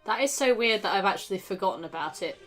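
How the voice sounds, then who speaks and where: A woman chatting as a player in a tabletop game, expressive and quick to laugh. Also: mid-range voice, faint music behind. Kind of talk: casual tabletop game chat.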